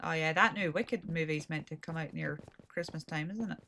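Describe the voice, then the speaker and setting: A woman's voice: low voice, moderate pace, bright, forceful tone, a little hiss or hum. A woman with a Scottish accent chatting casually while commentating her gameplay, rambling and self-deprecating. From Scotland. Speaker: gaming streamer.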